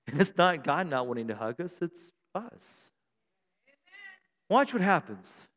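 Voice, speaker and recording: A middle-aged male pastor preaching a sermon on a church stage mic, joking and self-deprecating, then building to shouted praise. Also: fairly high pitch, big pitch swings, measured pace, pauses often. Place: church sanctuary. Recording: long hall reverb in a church.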